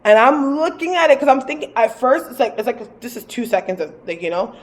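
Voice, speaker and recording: A woman's voice: on the high side, brisk. A woman working as a psychic medium, telling a personal story in a casual, rambling way, full of fillers and swearing. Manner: animated, rambling, filler-heavy and profane.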